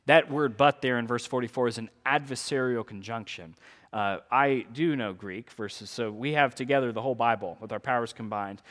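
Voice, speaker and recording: A man's voice: medium pitch, moderate pace, fairly bright tone. Preaching man in a reverberant hall. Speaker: pastor. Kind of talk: sermon with scripture reading.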